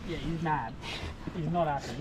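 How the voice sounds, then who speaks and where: A man's voice: fairly high pitch, normal speed, background noise. A man chatting with a friend while fishing, making dry, understated remarks. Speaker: fishing companion. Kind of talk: casual chat. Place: outdoors on a shoreline by water.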